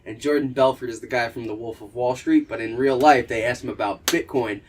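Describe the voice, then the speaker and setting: A young man co-hosting a casual podcast, excitable, jumping between loud outbursts and mumbled asides. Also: mid-range voice, a little fast. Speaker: podcast co-host. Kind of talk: casual chat.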